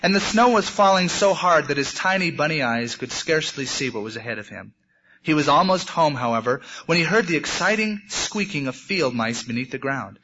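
A man's voice: a little high, expressive, brisk, pushed and bright, breathy edge. A man, a preacher, reading a story aloud expressively within a sermon. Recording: muffled lo-fi recording.

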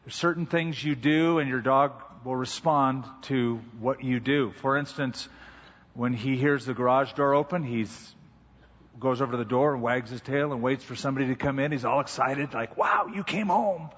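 A male pastor preaches to a congregation in a relaxed, storytelling way, his mid-range voice trailing off into a long hall reverb. The recording sounds a little dull and muffled. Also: medium pitch. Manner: conversational storytelling, unhurried. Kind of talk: sermon.

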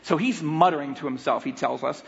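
Guest preacher, male, high-pitched and gravelly, animated storyteller. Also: brisk. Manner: animated storytelling with acted-out voices. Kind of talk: sermon. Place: church auditorium. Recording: long hall reverb, dull lo-fi sound.

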